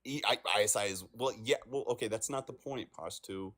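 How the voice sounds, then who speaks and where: A man's voice: on the low side, fairly quick, a bit bright. A man on a political livestream panel, joking and teasing between arguments. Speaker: debate panelist. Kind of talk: casual political debate chat.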